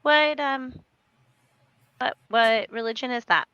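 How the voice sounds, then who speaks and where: A woman's voice: high voice, slow, fairly bright tone, smooth, dry recording, highs cut off. A woman player in a tabletop game, giggly and hesitant with many fillers. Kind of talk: casual tabletop play.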